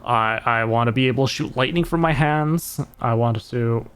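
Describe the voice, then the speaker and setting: A man's voice: mid-range voice, normal speed, a bit bright, smooth. Chatty male game streamer. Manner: chatty, laughs often, greets viewers. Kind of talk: casual live-stream chat while gaming.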